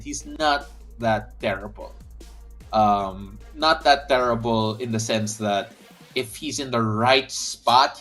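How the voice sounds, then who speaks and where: A man with a medium-pitched, somewhat bright voice hosts a live basketball watch-along stream. He calls the action casually, reads viewer comments out loud, and often restarts his sentences while chatting.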